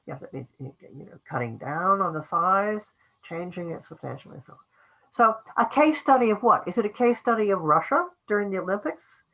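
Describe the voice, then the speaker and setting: A woman's voice: medium pitch, very animated, normal speed, fairly bright tone, breathy edge, rough recording. An older woman giving a webinar lecture on academic writing, talking in a loose conversational way with restarts and acted-out quotes.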